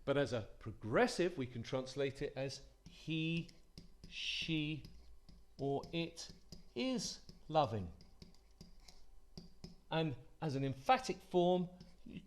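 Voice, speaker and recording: In a fairly high, expressive voice, a native English-speaking man teaches Latin slowly, pausing often. His classroom-style lesson is patient and repetitive, with phrases repeated for pupils to speak the forms along with him.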